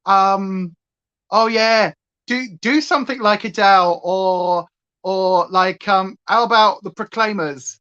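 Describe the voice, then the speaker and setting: A woman's voice: mid-range voice, takes it slowly, a bit bright, smooth, dull audio. A woman from Hampshire with a clipped, near-standard southern English accent, chatting casually and rambling on her makeup livestream with many fillers. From Hampshire, England. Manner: chatty, tangent-prone, lots of fillers. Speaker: livestream beauty host.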